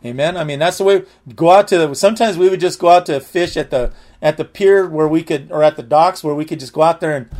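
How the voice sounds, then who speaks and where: A man's voice: a little high, darkish tone. A man preaching a sermon in a loose, conversational way, full of restarts and calls of amen. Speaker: pastor.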